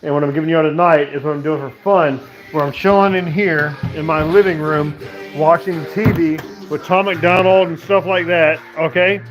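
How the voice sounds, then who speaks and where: A man hosting a casual livestream from his living room, relaxed and a little tipsy, rambling and repeating himself. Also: fairly high pitch, normal speed, over music, poor audio. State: drinking, tipsy. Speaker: livestream host.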